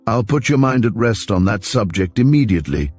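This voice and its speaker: A man voicing a principled middle-aged father who answers sharply and with emphasis, in a deep voice. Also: big pitch swings, a little fast, a little mellow, soft background music. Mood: firm.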